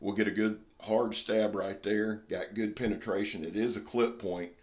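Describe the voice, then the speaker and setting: A plainspoken man talks through a knife review in a fairly low voice, candid and down-to-earth. His voice rings a little, as if caught in an echoey space. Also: level tone, moderate pace. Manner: folksy, blunt and candid. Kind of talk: casual product review.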